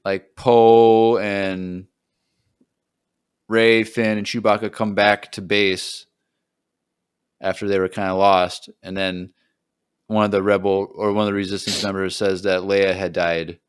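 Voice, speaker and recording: Young male podcast co-host, smooth low voice, loose rambling chat. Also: little pitch movement, unhurried, long pauses. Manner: rambling, acts out quotes with a jump in pitch. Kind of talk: casual chat.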